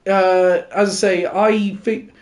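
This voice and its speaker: A man co-hosting a casual gaming chat, enthusiastic and quick to tell anecdotes. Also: high-pitched, flat delivery, a little mellow. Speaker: co-host. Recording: faint music behind.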